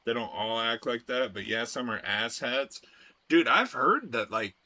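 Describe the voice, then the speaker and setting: A man's voice: medium pitch, animated, unhurried, bright, forceful tone. A man chatting casually with his stream viewers, rambling and laid-back, with lots of filler words and swearing. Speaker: game streamer.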